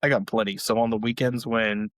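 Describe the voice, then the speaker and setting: Animated dad coaching softball, dry mic. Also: male voice, lowish voice, brisk, no room sound. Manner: animated, acts out quotes in a raised voice. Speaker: podcast co-host, youth softball coach. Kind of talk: casual chat.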